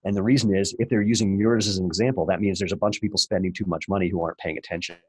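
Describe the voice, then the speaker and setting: Man, 50s, very deep voice, husky, wry, animated, podcast guest. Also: rapid-fire. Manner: animated, wry, with filler words and restarts. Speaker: entrepreneur guest. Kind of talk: podcast interview.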